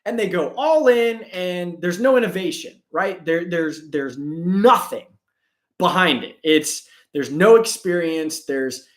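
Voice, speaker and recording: Animated male host of a live chat stream, lively pitch, echoey room, keeps acting out other people. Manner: animated, acts out quick impressions of sellers and customers.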